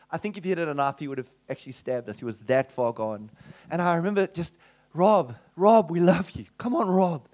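A high-voiced male pastor tells a story from the pulpit. He is animated and acts out each exchange of dialogue. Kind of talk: sermon storytelling.

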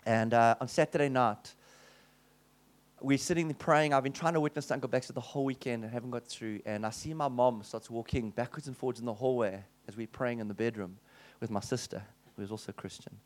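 A South African man preaching, telling a personal testimony as a story with lively swings in his voice and frequent restarts and asides. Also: medium pitch, brisk.

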